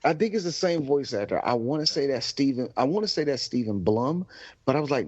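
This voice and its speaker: A man's voice: mid-range voice, animated, fairly quick, a little mellow, breathy edge, no room sound. A man guesting on a podcast, chatting casually and rambling with laughs. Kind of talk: casual chat. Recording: dry, dull lo-fi sound.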